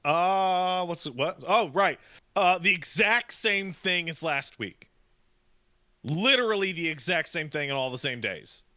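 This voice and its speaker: A man's voice: high voice, expressive, measured pace, bright, forceful tone, dry recording, studio quality. A man co-hosting a podcast in casual banter, ranting in an exasperated tone and swearing often. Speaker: podcast co-host.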